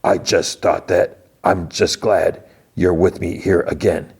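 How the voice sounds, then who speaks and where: Deep, halting crime boss, a man playing him, soft and slow. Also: steady tone, breathy edge, full character voice. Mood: tender. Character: Kingpin, a hulking menacing crime boss, tender with his wife.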